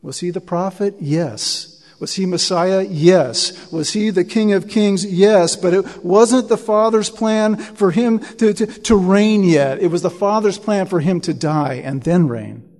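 A man with a high, darkish-toned voice preaches earnestly, reading long passages of scripture and pausing to explain them. He speaks at a measured pace with hardly any pauses, often repeating words when he restarts a phrase, and a long reverb suggests a large hall.

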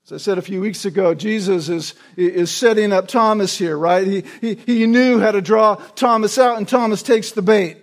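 A man's voice: high voice, moderate pace, hardly any pauses. A man preaching a sermon as pastor, explaining earnestly and often asking listeners "right?" to check in.

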